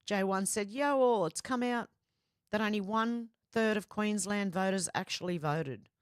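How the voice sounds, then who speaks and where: An Australian livestream host chats casually while reading out and reacting to viewer comments. She speaks at a measured pace in a clean, medium-pitched voice, with studio-quality audio and no echo.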